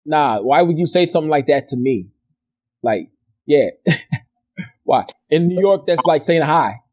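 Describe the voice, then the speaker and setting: Male co-host, slightly high voice, lively and profane. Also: a little slow. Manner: animated, profane storytelling. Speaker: podcast co-host. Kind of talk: casual chat.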